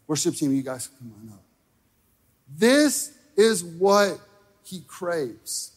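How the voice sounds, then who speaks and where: A man preaching a sermon in a church, talking casually with lots of "like", rising to shouted peaks and dropping to quiet asides. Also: high-pitched, sing-song, takes it slowly, long pauses, husky. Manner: casual wording with many fillers like "like". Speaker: pastor. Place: church sanctuary.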